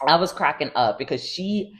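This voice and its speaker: A woman hosting a casual reality TV recap, chatty and gossipy, full of "like" and quick laughs. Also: low voice, animated. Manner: chatty and gossipy, heavy use of "like", laughs often.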